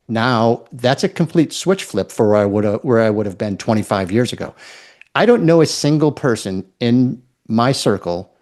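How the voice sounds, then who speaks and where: A man's voice: mid-range voice, darkish tone. A middle-aged man, a guest in an interview, speaking reflectively and repeating words as he restarts his thoughts. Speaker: podcast guest.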